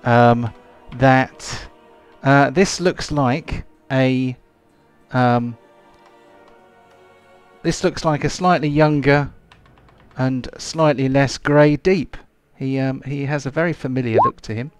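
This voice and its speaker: A man's voice: medium pitch, takes it slowly, smooth, no room sound, soft background music. A man narrating as game master of a tabletop game, rambling with many fillers.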